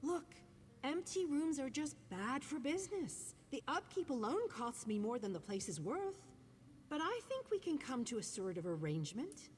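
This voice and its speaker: Game voice: a shrewd landlady striking a deal, animated delivery. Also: sits high, moderate pace, in a large hall, a little hiss or hum. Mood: businesslike. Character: shrewd woman innkeeper making a deal.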